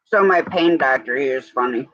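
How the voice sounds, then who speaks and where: A man's voice: mid-range voice, normal speed, bright, forceful tone, highs cut off. A man hosting a livestream, telling rambling stories in casual chat and quoting back and forth with "I said". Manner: rambling storyteller, quoting others with "I said". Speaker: livestream host.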